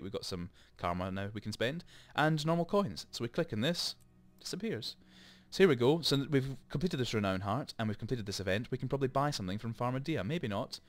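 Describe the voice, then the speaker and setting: A man hosting a let's play, chatting and rambling through explanations with lots of asides, into a desk microphone. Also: fairly low pitch. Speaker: gaming channel host.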